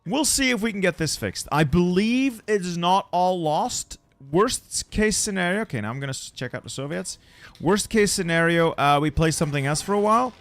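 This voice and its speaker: A man's voice: high-pitched, lively intonation, a little fast, hardly any pauses, dry recording. A young man streaming a strategy game from home, grumbling at broken gear and swearing as he chats with viewers. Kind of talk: casual live-stream chat.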